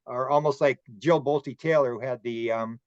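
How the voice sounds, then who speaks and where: A man's voice: medium pitch, moderate pace, no room sound. A man hosting a casual podcast chat, talking in a rambling way with frequent restarts. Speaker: podcast host. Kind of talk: casual conversation. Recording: dull lo-fi dry sound.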